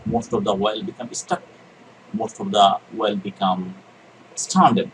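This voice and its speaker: A man's voice: lowish voice, steady tone, slow pace, far from the mic, background noise. Man teaching exam reading tips. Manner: repeats key words, asks and answers his own questions. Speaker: IELTS teacher. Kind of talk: recorded exam-prep lecture.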